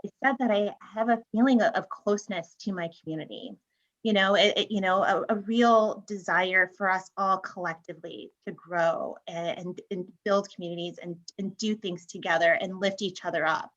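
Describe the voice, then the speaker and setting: A woman's voice: on the low side, fairly even intonation, normal speed, a bit bright, lo-fi sound. A woman speaking on a real estate panel, heartfelt and effusive, often restarting her sentences. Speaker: realtor panelist. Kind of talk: panel discussion.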